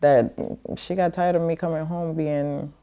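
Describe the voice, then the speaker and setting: A woman in middle age, with a very deep voice that has a dark, mellow tone, recounts her childhood as a guest. She talks loosely and wanders, filling gaps with "um" and "like". She slips into the voices of her family when she quotes them. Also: fairly even intonation, measured pace, vocal fry, dull audio. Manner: rambling, with many fillers and restarts. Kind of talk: casual personal storytelling.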